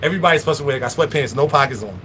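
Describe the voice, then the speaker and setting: Guy in his 30s telling a wild story, cussing a lot, lively, restarts his lines, kinda high voice. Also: rapid-fire, a little hiss or hum. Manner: profane, animated storytelling, lots of restarts and slang. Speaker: vlogger. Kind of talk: storytime monologue.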